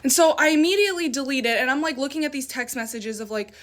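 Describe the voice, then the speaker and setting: A young woman with a high voice tells a story from her own life in a casual, animated way. She swears freely and sounds indignant. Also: quick pace, a little hiss or hum.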